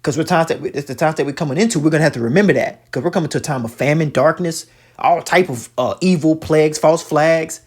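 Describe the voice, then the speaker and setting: Husky, emphatic preaching commentator man. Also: fairly high pitch, fast talker. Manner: emphatic, repetitive, stammering restarts. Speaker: religious commentator reacting to a video. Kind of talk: profane preachy video commentary.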